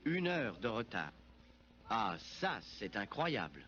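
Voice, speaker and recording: A lively French fellow. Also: male voice, on the low side, a little slow, a little hiss or hum. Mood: chatty. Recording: dull lo-fi old clip.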